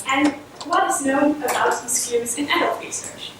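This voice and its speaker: Woman researcher, high voice, explanatory conference talk; distant mic, noisy hall. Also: normal speed. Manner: explanatory, steady lecturing. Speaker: child language researcher. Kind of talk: conference presentation.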